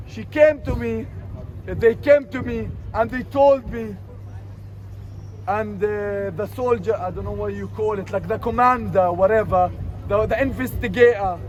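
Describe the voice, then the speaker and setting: A man giving an emotional protest speech outdoors in a city street, his voice rising to shouts. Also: high-pitched, poor audio. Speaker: protest speaker. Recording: outdoor crowd noise. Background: crowd of protesters.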